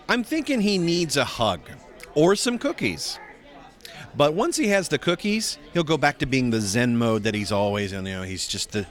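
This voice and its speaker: A middle-aged man, a voice actor, chatting in a convention interview and acting out quoted lines with big swings in his voice. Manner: animated storyteller, acts out quotes with big pitch jumps. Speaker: voice actor guest.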